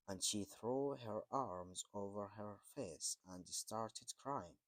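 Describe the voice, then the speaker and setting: A man reading a storybook aloud in a slow, deliberate way, sometimes restarting a phrase. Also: fairly low pitch, no echo. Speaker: reader.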